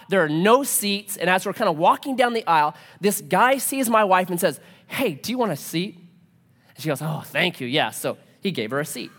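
Animated male pastor telling a story. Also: high voice. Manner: animated storytelling, acts out dialogue. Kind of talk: sermon with personal story.

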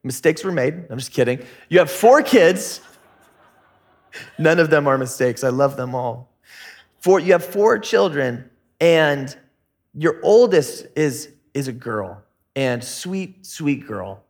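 A man preaching a casual sermon, telling stories in a relaxed, joking, slangy way. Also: fairly high pitch, slow pace. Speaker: pastor.

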